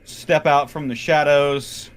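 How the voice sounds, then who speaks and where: Slow-talking man playing a tabletop game. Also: fairly high pitch, steady tone, clean tone. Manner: casual, declares actions and rolls. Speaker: player.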